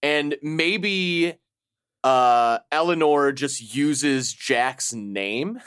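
A man co-hosting a podcast in casual chat, agreeable and quick to laugh, with hesitant fillers. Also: on the high side, a bit bright, clean tone, dry recording, clean studio sound. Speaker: podcast co-host.

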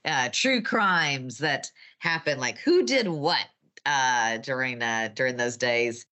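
A Texan woman in her fifties chats freely as a podcast guest, laughing easily between memories. Her voice sits low for a woman yet rings bright and forceful. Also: expressive, slow. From Texas. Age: 50s. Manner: chatty, laughs often. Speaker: guest, former class president. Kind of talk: casual nostalgic chat.

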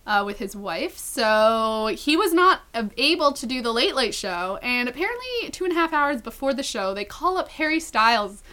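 A young woman co-hosting a casual chat podcast, talking fast and loose with lots of fillers. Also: a little high, big pitch swings, bright, forceful tone. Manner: chatty, filler-heavy, lots of "like". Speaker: podcast co-host.

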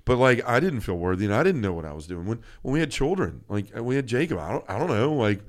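A man's voice: mid-range voice, big pitch swings, quick pace. An earnest man in his thirties, co-hosting a faith podcast, who talks with feeling and often restarts his sentences. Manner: earnest and emotional, many restarts. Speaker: podcast co-host.

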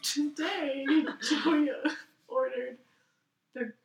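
A young woman co-hosting a podcast in casual chat, teasing and quick to laugh. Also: high-pitched, vocal fry. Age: young adult. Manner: giggly, teasing, animated. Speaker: podcast co-host. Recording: roomy, distant mic.

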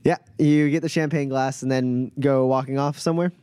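An easygoing male game master calls for rolls and narrates the scene. He talks in a relaxed way with many fillers, at a middle pitch. The sound is close and dry. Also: a little fast, clear, resonant tone, no room sound.

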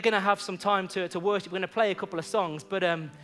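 A man's voice: high voice, fairly even intonation, fast, fairly bright tone, faint music behind. A man preaching a sermon, telling a personal story and then urging the congregation on with rising fervor. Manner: storytelling that builds into fervent exhortation.

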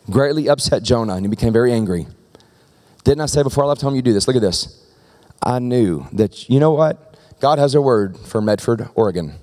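A man preaching a sermon in a lively, conversational way, often asking the congregation questions. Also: medium pitch, moderate pace, long pauses. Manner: animated, conversational preaching with rhetorical questions to the crowd. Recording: long reverb of a large hall.

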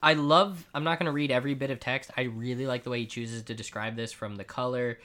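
A man co-hosting a casual podcast, retelling a comic book scene by scene and slipping into quick character voices. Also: medium pitch, fairly even intonation, sharp tone. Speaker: podcast co-host.

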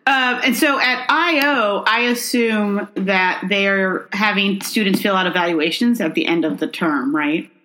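Woman host, mid-pitched, relaxed questioner, roomy echo around her. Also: measured pace, hardly any pauses. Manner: relaxed, asks follow-up questions. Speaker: podcast host. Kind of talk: casual interview chat.

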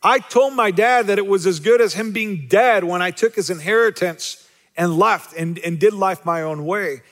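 A man voicing a repentant younger son who is ashamed and haltingly apologizes. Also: high voice, a bit bright. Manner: hesitant, contrite.

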